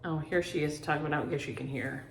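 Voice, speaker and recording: A middle-aged woman chats in a folksy, storytelling way as she hosts her home vlog. Her voice sits fairly low. The sound is roomy, recorded on a camera mic. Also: very fast, gravelly, slight background noise. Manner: folksy, storytelling, addresses viewers as y'all. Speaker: cross-stitch vlog host. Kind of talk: casual chatty vlog.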